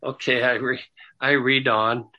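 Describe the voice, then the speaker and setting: A man teaching the Bible in a sermon style, slow and halting, with repeated words and apologetic asides, building to emphatic rising stresses. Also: mid-range voice, level tone, highs cut off. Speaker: Bible teacher answering questions.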